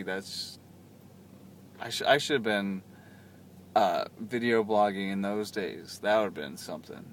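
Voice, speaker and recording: A man's voice: mid-range voice, slight background noise. A young man rambling through a chatty, self-mocking vlog story into his camera. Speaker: vlogger. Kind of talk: casual vlog monologue. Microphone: camera mic.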